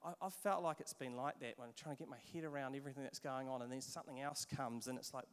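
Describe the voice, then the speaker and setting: A man in his forties with a New Zealand accent, preaching a sermon and telling stories in an animated way, with repeated restarts. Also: mid-range voice, quick pace, hardly any pauses, clean tone. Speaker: pastor. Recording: long hall reverb.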